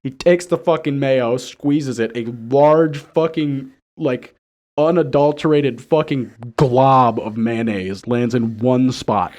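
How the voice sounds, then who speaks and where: A man co-hosting a podcast, telling a story in a casual, animated way, swearing and laughing often. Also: mid-range voice, takes it slowly. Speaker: podcast co-host. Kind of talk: casual chat.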